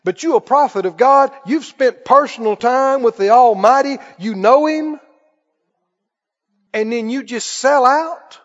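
A preacher with a very high voice, telling the story dramatically and stopping often to ask rhetorical questions. His voice carries a long reverb in a church sanctuary, and the recording sounds dull and muffled. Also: measured pace. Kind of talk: sermon.

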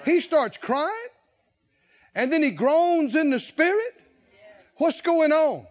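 A man with a very high voice preaches a sermon, drawing out his words slowly and building to fervent shouted lines. The recording is dull and lo-fi, like an old church tape. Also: lively intonation. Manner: storytelling with rising fervor and shouted lines. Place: church conference hall.

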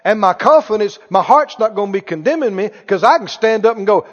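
A male pastor preaching a sermon, animated, putting questions to the congregation and drawing responses. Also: sits high, a little fast. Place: church sanctuary. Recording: muffled, reverberant church hall.

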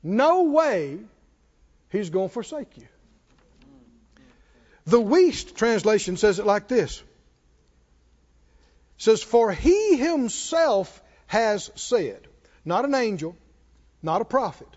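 A man's voice: sits high, big pitch swings, takes it slowly, long pauses, a little mellow. A man preaching a sermon to a congregation, repeating phrases for emphasis and prompting them to answer back. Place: church hall with congregation. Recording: reverberant hall, dull lo-fi sound.

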